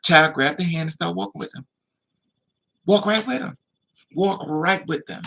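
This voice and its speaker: A man hosting a livestream, telling a personal story in a casual, animated way and acting out the voices of the people in it. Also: on the high side, normal speed, gravelly, slight background noise, rough recording. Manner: animated, acts out quoted voices.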